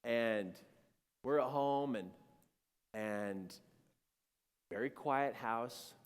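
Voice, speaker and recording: A man telling a personal spiritual story, animated and acting out scenes, swinging between hushed and shouting. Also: medium pitch, extremely slow, clean tone, long reverb tail.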